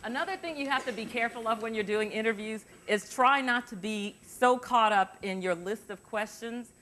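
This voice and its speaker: A middle-aged woman, a journalist, teaching an interview workshop to students through a lapel mic, chatty and lively, drawing the room in with questions. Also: on the high side, moderate pace, a faint crowd, slight background noise. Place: university forum hall. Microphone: lavalier.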